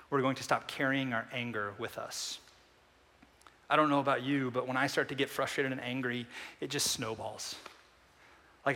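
A man preaching a sermon as a pastor, swinging from loud emphatic refutations to soft, low asides. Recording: long hall reverb.

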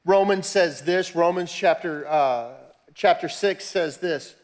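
A man preaching a sermon, moving from quiet, conversational teaching to raised, emphatic preaching. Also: on the high side, slow pace, few pauses. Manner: conversational, with restarts and asides. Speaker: pastor.

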